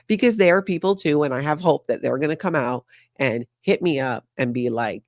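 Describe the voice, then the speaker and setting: A woman's voice: low-pitched, a little fast, a little mellow, no room sound, studio quality. A woman hosting a casual news recap livestream, talking straight to her viewers in a sarcastic, chatty way. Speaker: host of a news recap channel.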